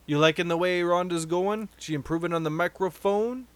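A man's voice: high voice, normal speed, few pauses, clean tone, dry recording. A man co-hosting a casual wrestling podcast, joking and reading rumors aloud. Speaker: podcast co-host. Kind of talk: casual chat.

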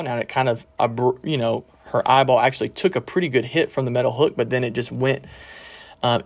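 A man's voice: medium pitch, gravelly. A middle-aged man preaching a podcast sermon and telling a personal story, earnest, with fillers and restarts. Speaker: pastor.

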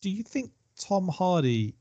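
A man's voice: high-pitched, big pitch swings, measured pace, dark tone, no room sound, muffled recording. A man co-hosting a casual film chat, chatty and digressive, given to self-deprecating asides. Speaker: podcast co-host.

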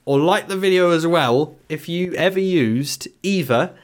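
A man's voice: a little high, measured pace. A man co-hosting a podcast, rambling and joking in casual banter, swearing freely and speeding up in bursts. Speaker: podcast co-host.

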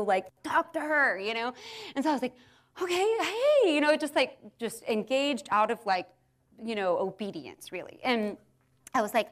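A woman, telling a chatty, animated story in a casual sermon, full of fillers and swinging up high when excited. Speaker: speaker sharing a testimony.

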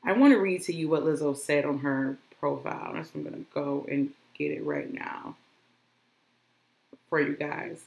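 A woman's voice: low voice, expressive, moderate pace, creaky, a little mellow, roomy sound. A woman hosting a solo podcast, chatting in a gushing, rambling way. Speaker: podcast host.

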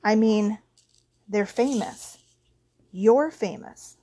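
A towering, hot-tempered half-giant man booms and growls his lines, as a woman reads him aloud. He sounds big-hearted but easily roused to indignation, a storybook giant. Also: drawn-out words, warm tone. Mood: incredulous. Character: huge gruff male half-giant groundskeeper, hot-tempered.

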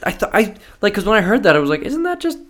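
A man's voice: high voice, racing, fairly bright tone. A young man co-hosting a casual comedy podcast, wry and playful, rambling as he thinks aloud. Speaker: podcast co-host.

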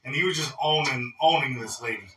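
A man's voice: mid-range voice, fairly quick, bright, forceful tone. A man on a casual podcast, telling stories in a rambling way with many restarts. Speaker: podcast co-host. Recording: echoey room, distant mic.

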